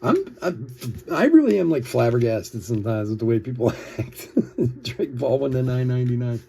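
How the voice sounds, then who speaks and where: A man's voice: mid-range voice, big pitch swings, normal speed, creaky, warm tone, husky. A middle-aged man hosting a card-break livestream, telling stories with many laughs while calling out names between his asides. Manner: chatty storytelling, laughs often, reads names between asides. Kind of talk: casual livestream chat while opening cards.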